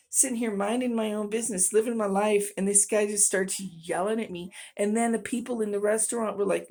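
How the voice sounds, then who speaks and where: A woman's voice: mid-range voice, darkish tone. A middle-aged woman telling a story in a casual vlog, exasperated and venting, breaking into nervous laughs. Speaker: vlogger.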